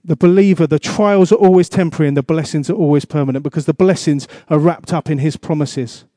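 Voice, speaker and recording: A man's voice: on the high side, quick pace, warm tone, dry recording, clean studio sound. A man preaching a sermon as pastor, asking the congregation questions and repeating his exhortations.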